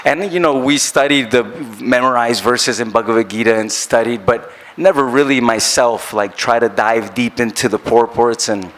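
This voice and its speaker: An earnest man recounts a personal memory in a reflective, halting manner, pausing to search for his words. He speaks at an ordinary middle pitch, sounding like a traveling kirtan singer sharing his own story. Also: fairly bright tone. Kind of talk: personal reminiscence.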